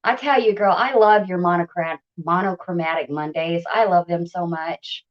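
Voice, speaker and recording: A woman's voice: on the low side, moderate pace, dull audio. Chatty woman live-streaming from home. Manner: chatty, greets viewers warmly by name, laughs often. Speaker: livestream host. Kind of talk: casual live-stream chat. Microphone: tablet.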